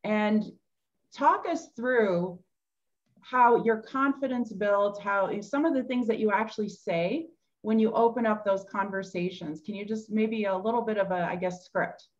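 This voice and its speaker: A woman's voice: mid-range voice, a little slow, highs cut off. A woman hosting a webinar interview on a video call, upbeat and encouraging toward her guest. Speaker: host, education manager.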